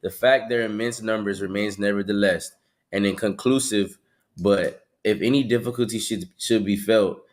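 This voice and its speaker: A man reading passages aloud during a Bible study, slowly, stumbling over some words. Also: lowish voice, steady tone.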